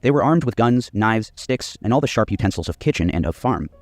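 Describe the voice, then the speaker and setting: A man narrates a history documentary from a script, reading quoted accounts in a steady, measured way. His voice sits low and moves quickly. The recording is dry and close. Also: no room sound, faint music behind.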